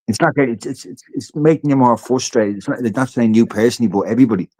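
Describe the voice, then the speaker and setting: A man's voice: mid-range voice, quick pace, dark tone, no echo. A man with an Irish accent co-hosting a podcast, chatting casually, often repeating himself and acting out what others said. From Ireland. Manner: conversational, repeats himself, acts out quoted lines. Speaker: podcast co-host. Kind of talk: casual chat.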